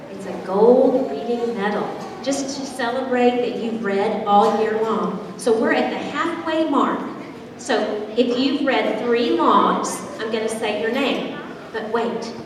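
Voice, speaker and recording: A woman school librarian cheerfully announcing a reading challenge to children and parents at a school event. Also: on the high side. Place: school gathering space. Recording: echoey hall from far off with noise.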